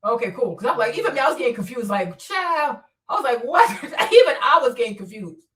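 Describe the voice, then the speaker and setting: A woman's voice: a little high, very animated, a little fast, a bit bright, far from the mic. A woman from Africa hosting a livestream, talking bluntly with swearing and laughter while she answers her chat. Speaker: streamer. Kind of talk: livestream commentary.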